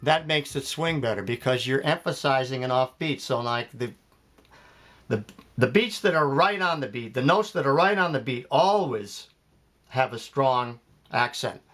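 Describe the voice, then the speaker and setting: A man's voice: mid-range voice, animated, moderate pace. A man giving a jazz piano lesson, explaining phrasing step by step and counting beats aloud. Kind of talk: spoken music lesson. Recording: loud piano playing behind the voice.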